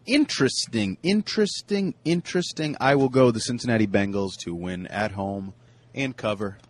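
Deep-voiced man with blunt, teasing verdicts. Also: normal speed. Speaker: panelist. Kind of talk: casual sports panel chat.

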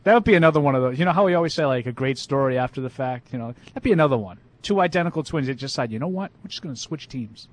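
A man co-hosting a casual sports talk show, talking quickly with stammering restarts and joking asides. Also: mid-range voice, lively intonation, no echo. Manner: fast, stammering restarts, jokey. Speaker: co-host.

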